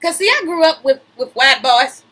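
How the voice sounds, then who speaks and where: High bright woman riffing on gossip. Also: normal speed, rough recording. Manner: animated, keeps interrupting herself with "wait a minute"; reads news aloud then riffs with slang and laughter. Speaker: podcast host. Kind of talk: gossip commentary.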